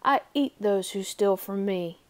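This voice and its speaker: A woman's voice: mid-range voice, measured pace, natural voice. Courageous fairy-tale lion, read by a woman, stern and commanding.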